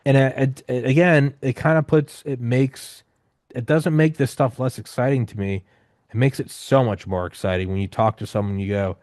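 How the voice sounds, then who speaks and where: A man in his thirties hosting a podcast, telling stories in a loose, rambling, animated way with casual swearing. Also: medium pitch, normal speed, no echo, studio quality. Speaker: podcast host. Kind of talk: casual conversational storytelling.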